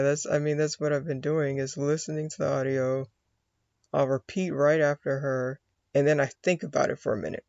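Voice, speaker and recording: A man from the United States talks in a loose, rambling way, often acting out his own inner voice. His voice sits a bit high and has a lot of gravel. The sound is dry and slightly dull. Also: dry recording. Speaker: vlogger. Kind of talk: casual rambling monologue.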